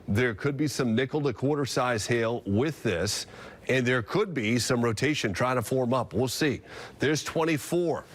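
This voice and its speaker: A man's voice: mid-range voice, a little slow. A man, a TV meteorologist, giving live severe weather coverage and explaining radar as he goes, with fillers and restarts.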